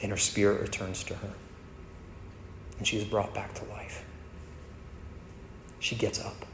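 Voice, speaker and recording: A man's voice: fairly low pitch, little pitch movement, a little slow, noisy background. Man preaching in an echoey hall. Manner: dynamic preaching, dropping to soft tender tones and rising to emphatic peaks. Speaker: pastor. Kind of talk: sermon. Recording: echoey hall with faint ambience.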